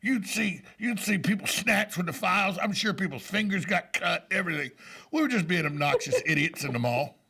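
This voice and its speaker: A man's voice: sits high, expressive, brisk, vocal fry, sharp tone, breathy edge. A man in his forties hosting a radio talk show, chatting casually and telling self-mocking stories with jokes. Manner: joking, storytelling, self-mocking. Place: radio studio.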